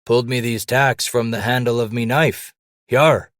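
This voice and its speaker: A man voicing an old white-bearded mountain man who speaks in a loud, cheerful, folksy frontier drawl and quotes scripture. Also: steady tone, moderate pace, dry recording, clean studio sound, natural voice. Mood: jovial. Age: older. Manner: booming folksy frontier drawl, Bible-quoting.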